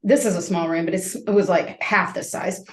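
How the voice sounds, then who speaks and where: A woman's voice: lowish voice, fairly even intonation, normal speed. Woman in her fifties, echoey room. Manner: vivid storyteller who acts out scenes. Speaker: guest. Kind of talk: storytelling in a podcast interview.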